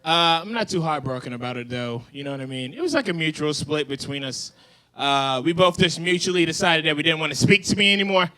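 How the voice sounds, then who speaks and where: A man opens his stand-up set with loud, shouty crowd work and self-deprecating jokes. His voice is high and bright with a forceful edge. He works a handheld mic on a bar stage. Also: expressive, a little fast. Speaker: stand-up comedian. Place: comedy bar stage, indoors.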